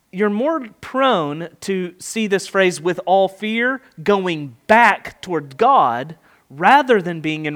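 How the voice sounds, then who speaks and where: A man's voice: a little high, a bit bright. A middle-aged man preaching an expository sermon, emphatic, with rhetorical questions and rising and falling delivery.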